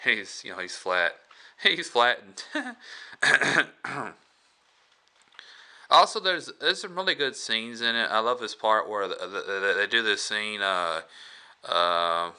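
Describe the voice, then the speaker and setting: A man talks through a film review in a loose, rambling way, full of hesitations and restarts and chuckling as he retells scenes. His voice sits a little low but sounds very bright and sharp, with a smooth, crisp clarity. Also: animated, takes it slowly, pauses often. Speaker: movie reviewer. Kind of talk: casual movie review vlog.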